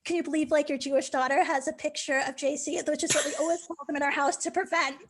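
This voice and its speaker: Chatty high-voiced woman on a video call. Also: fast talker. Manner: animated storytelling, laughs often. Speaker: speech language pathologist. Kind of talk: casual chat on a video call.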